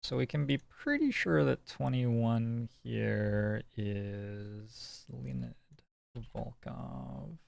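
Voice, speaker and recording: A gaming streamer muses aloud while playing a puzzle game, giving casual let's-play commentary. His medium-pitched voice has lively intonation, drawn-out words and vocal fry, with no echo at all.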